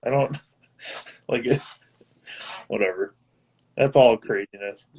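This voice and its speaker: A man's voice: medium pitch, slow pace, a little mellow, breathy edge. A man, a guitarist guest, talking casually on a video call, laid-back, laughing often and swearing now and then. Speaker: guest musician. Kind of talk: casual chat over live video.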